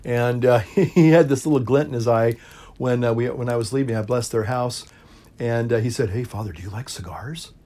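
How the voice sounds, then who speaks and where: A middle-aged man, a priest, chatting casually to camera in a relaxed, rambling way, chuckling often and pausing to puff on his pipe. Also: mid-range voice. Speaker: priest and pipe-smoking video host.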